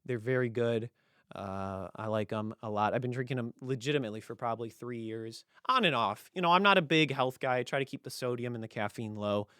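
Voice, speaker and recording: Smooth-voiced joking male podcast host. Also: mid-range voice, brisk, no echo, clean studio sound. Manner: rambling, joking, deadpan sarcasm. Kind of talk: casual comedic monologue.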